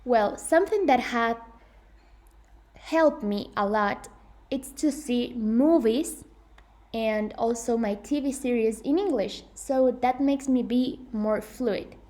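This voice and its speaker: A woman's voice: fairly high pitch, slow pace, warm tone. Earnest young woman teaching pronunciation. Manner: earnest, careful, with frequent self-corrections. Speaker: English pronunciation presenter. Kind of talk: scripted lesson presentation.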